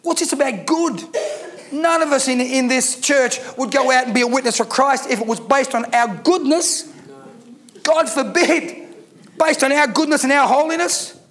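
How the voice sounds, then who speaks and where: A man delivering a sermon from the pulpit, his voice sitting very high. He preaches with emphasis, repeating key words and throwing rhetorical questions at his church. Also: normal speed, a bit bright. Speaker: pastor.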